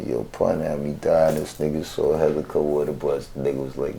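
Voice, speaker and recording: A man in a casual chat telling animated, profane stories in heavy slang. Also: rumbling low, moderate pace, vocal fry, few pauses, slight background noise. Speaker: guest rapper.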